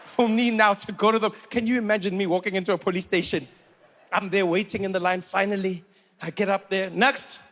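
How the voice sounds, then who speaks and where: A South African man doing stand-up comedy, telling a story in an animated, exasperated way on a theater stage. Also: sits high, brisk. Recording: reverberant live comedy hall.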